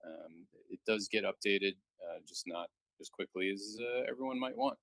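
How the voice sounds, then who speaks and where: A man commentating a live backgammon match, joking and relaxed as he banters with his co-host. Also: on the low side, moderate pace, no echo.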